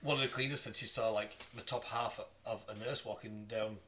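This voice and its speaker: A man hosting a podcast, telling stories in casual chat, animated and laughing often, with plenty of swearing. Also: on the low side, a little fast. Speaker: podcast host.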